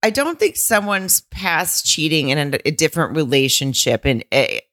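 A woman's voice: low voice, very animated, moderate pace, a bit bright, no room sound, clean studio sound. A woman co-hosting a podcast, chatting casually, blunt and rambling, swearing freely. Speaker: podcast co-host. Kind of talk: casual chat.

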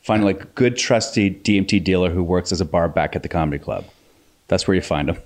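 Man, comedian guest, lowish voice, animated, profane, laughs easily, casual podcast chat. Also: fast talker.

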